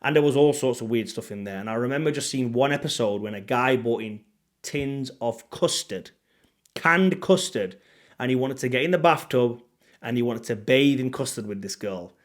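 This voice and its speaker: A man's voice: mid-range voice, moderate pace. Blunt man telling a wild story. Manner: animated, blunt, swears freely, acts out moments. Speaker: vlogger. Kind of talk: casual storytelling to camera.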